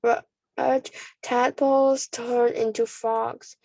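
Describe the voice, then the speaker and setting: A woman voicing a sad, hungry young schoolgirl in a storybook reading, quiet and apologetic. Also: fairly high pitch, flat delivery, very slow, vocal fry, no echo, exaggerated voice.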